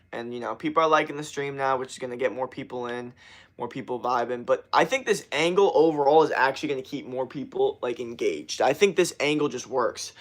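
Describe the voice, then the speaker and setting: A man's voice: medium pitch, fairly bright tone. A young man talking loosely to his viewers on a livestream, rambling and swearing constantly as he chats. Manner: loose, rambling and heavily profane. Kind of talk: casual livestream chat to viewers.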